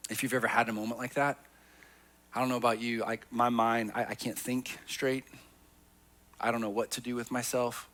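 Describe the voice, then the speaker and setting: Male pastor, mid-pitched voice, earnest sermon, hushed lines that build to emphatic ones. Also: level tone, normal speed. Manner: personal storytelling with restarts.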